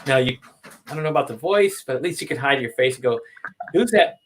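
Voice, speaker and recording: A man hosting a live-stream show over a video call, talking excitedly with frequent restarts and calling out to viewers. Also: medium pitch, slight background noise. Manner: excitable, halting, addresses viewers as guys. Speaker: host. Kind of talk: casual live-stream chat.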